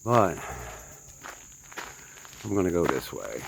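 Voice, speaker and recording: A deep-voiced man talks into his phone on an outdoor trail, short of breath from the climb. He chats loosely and teases himself, turning to the viewers as folks. Faint insects chirp behind him. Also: lively intonation, unhurried, a little hiss or hum. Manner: chatty, self-mocking, talks to viewers as folks. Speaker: vlogger. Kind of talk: rambling hiking vlog.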